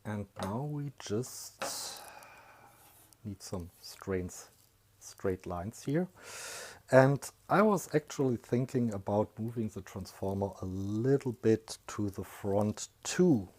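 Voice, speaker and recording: A man talking through a workshop repair project, thinking aloud in a hesitant, low-key way with many pauses and fillers. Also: expressive, darkish tone. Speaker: electronics hobbyist. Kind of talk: workshop voice-over talk.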